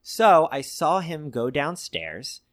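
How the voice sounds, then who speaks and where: A man's voice: fairly high pitch, takes it slowly, no room sound, studio quality. A man from Philadelphia, a comedian, telling stories in casual podcast chat and acting out the quotes. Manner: animated storyteller, acts out quotes. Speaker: comedian guest.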